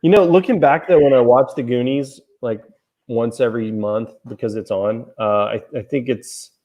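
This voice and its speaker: Outdoors by a golf course, a man who hosts and writes books chats casually on a livestream, wandering off topic, cracking jokes, and getting easily sidetracked. He speaks at a moderate pace in a medium-pitched, dark-toned voice.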